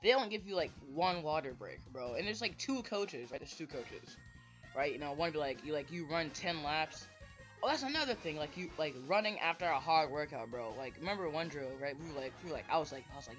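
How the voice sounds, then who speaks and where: A man's voice: fairly high pitch, animated, fairly quick. Rambling young-sounding man saying "bro". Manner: rambling, repeats "bro" and "right?". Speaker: vlogger. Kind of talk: casual rant to camera. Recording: dull lo-fi mic with faint music.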